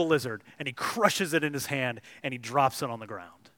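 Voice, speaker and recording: Earnest man preaching with a bright voice. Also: mid-range voice, moderate pace, no echo, clean studio sound. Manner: earnest, storytelling delivery with some restarts. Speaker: pastor. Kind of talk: sermon.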